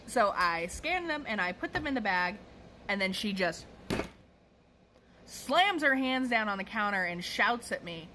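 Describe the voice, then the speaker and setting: A woman telling a casual storytime monologue about her cashier job, animated and profane. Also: mid-range voice, moderate pace, a little hiss or hum, poor audio.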